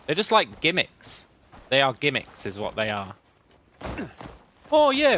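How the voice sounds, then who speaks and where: A man streaming a video game, chatting wryly with viewers and often clearing his throat. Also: on the high side, bright, forceful tone, a little hiss or hum. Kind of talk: casual gameplay commentary.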